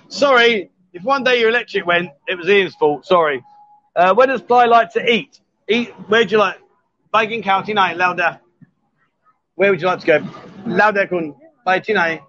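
Male host, cheeky teasing banter, higher voice, dull lo-fi stream sound. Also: moderate pace, long pauses, bright, forceful tone, dry recording. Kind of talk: live-stream bar chat. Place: bar.

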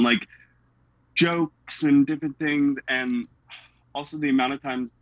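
A man's voice: medium pitch, fairly even intonation, measured pace, pauses often, no room sound, dull audio. A young man from the United States, chatting casually as an interviewee, self-deprecating and full of fillers.

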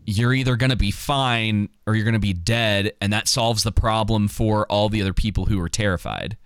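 A man's voice: fairly low pitch, fairly even intonation, moderate pace, clear, resonant tone, dry recording, studio quality. A man co-hosting a podcast, talking casually with frequent "like"s and restarts. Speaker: podcast co-host. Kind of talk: casual political chat.

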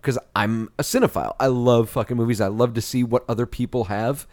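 A man's voice: medium pitch, brisk, dry recording. Guy in his 40s on a movie podcast, swears a lot, laughs, dry close mic. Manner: profane, laughing, animated storyteller. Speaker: podcast co-host. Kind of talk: casual movie podcast banter.

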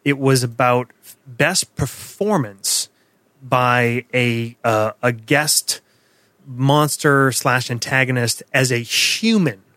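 Man, podcast co-host, mid-pitched voice, dry close sound, jokey and easygoing. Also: slow, pushed and bright, no room sound. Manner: joking, laughing easily, with some hesitations. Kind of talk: casual podcast chat.

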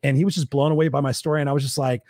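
Man, emphatic storyteller, rapid delivery, dry recording. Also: mid-range voice, fairly even intonation, mellow, dry recording. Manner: fast and emphatic, repeats "literally". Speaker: speaker. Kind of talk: casual storytelling chat.

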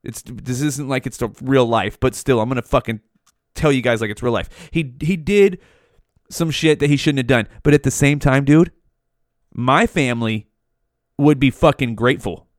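A man's voice: medium pitch, moderate pace, no room sound, studio quality. A man in his forties hosting a solo podcast, ranting heatedly with constant swearing, talking right up against the microphone in a small room at home. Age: 40s. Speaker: podcast host. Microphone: mouth right up against the mic.

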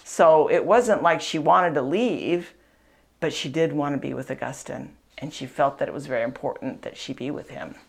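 A low-pitched woman with vocal fry speaks at a normal speed. She's a podcast host, author and speaker on a faith show, telling a saint's story in an earnest, chatty way full of asides, part conversational storytelling and part teaching.

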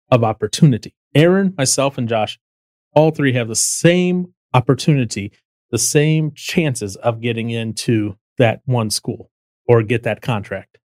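A man's voice: mid-range voice, darkish tone, no room sound. Man, casual political podcast host, earnest explainer, dry recording. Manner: earnest, explains step by step with restarts.

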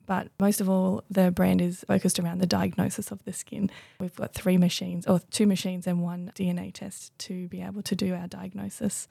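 A young adult woman, a guest on a podcast, explaining things in a measured, informative way. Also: mid-range voice, gravelly, warm tone, slightly rough, no echo, clean studio sound. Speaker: brand distributor guest.

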